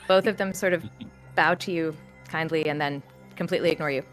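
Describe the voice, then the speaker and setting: A woman's voice: sits low, moderate pace, soft background music. Woman narrating a tabletop game. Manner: relaxed storytelling with fillers. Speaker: game master.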